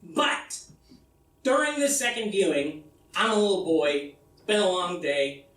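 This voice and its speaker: An American man telling a profane comic story live on stage, breaking into shouted bits. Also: high-pitched, animated, unhurried. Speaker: comedian. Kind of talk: comedic one-man stage show. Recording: echoey live room, mic far off.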